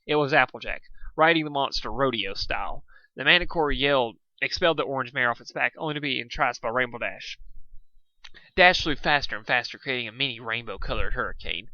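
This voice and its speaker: A man reading fan fiction aloud in a lively, dramatic storytelling way. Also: mid-range voice, brisk, dry recording, dull audio. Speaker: fanfic reader.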